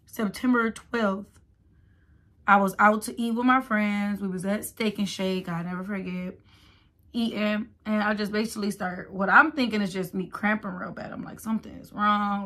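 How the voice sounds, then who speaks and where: A woman, telling a casual story while getting ready, lively and acting out other people's voices. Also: medium pitch. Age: late 20s. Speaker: vlogger.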